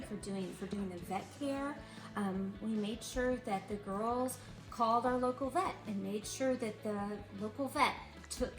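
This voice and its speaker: A middle-aged woman and mother telling a lively story in a casual vlog, repeating herself for effect. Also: a little high, echoey room, rough recording. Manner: animated, repetitive storytelling. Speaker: mother and animal vlogger.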